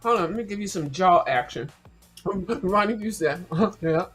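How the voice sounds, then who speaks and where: A woman's voice: fairly low pitch, animated, measured pace, slightly rough, faint music behind, rough recording. A woman hosting a casual livestream, chatting and crunching snacks into the mic, sassy and blunt and cussing freely. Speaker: livestream host. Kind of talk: casual chat while snacking.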